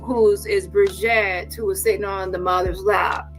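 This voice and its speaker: A woman's voice: medium pitch, fairly even intonation, measured pace, soft background music. A woman hosting a casual livestream chat, rambling and tagging her points with "okay?" and "child". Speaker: livestream host.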